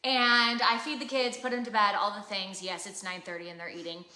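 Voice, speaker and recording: Bright, earnest woman preaching in echo. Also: medium pitch, fairly even intonation, brisk. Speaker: co-host of a live faith chat. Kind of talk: casual live conversation. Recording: roomy echo.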